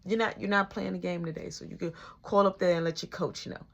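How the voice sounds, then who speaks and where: A woman's voice: on the low side, fairly even intonation, creaky. A woman playing a furious scolding mother. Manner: fast scolding, repeating herself. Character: strict angry mother scolding her son.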